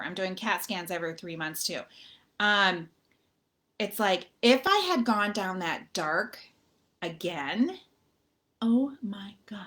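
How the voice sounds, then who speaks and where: A woman who writes motivational books and hosts a group speaks casually on a live stream, addressing viewers as "you guys" and rambling with fillers and restarts. She has a medium-pitched, fairly bright voice.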